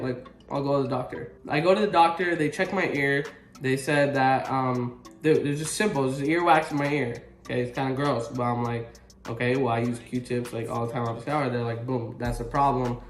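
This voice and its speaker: A young man vlogging casually, telling a story with swearing and loud, animated exclamations. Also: a little high, reverberant. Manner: animated, swearing, rising to exclaims when retelling pain.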